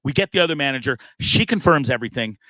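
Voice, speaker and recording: A man hosting his own live show, telling a long story in a casual, animated way, acting out the other people in it and swearing freely. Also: mid-range voice, fast talker, no echo. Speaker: host.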